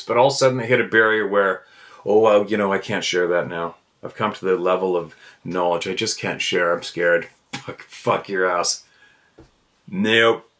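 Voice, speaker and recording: A man in full rant mode, hosting his own show, blunt and foul-mouthed, circling back to the same points again and again. His voice sits fairly low but comes out sharp and forceful. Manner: blunt and profane, repeats himself. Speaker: podcast host. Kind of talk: fired-up ranting monologue.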